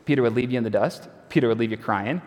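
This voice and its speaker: A male pastor preaches in a relaxed, conversational way, mixing dry humor with quiet, trailing phrase endings. His voice sits at a middle pitch. Long reverb from a large church sanctuary follows his words. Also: fast. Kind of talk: sermon.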